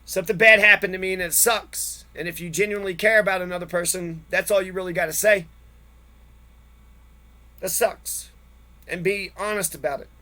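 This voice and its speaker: A man's voice: high-pitched, fairly even intonation, moderate pace, long pauses, sharp tone. A man angrily telling his own story in a long, profane, repetitive monologue. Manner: angry, profane, repetitive ranting. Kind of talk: angry personal monologue.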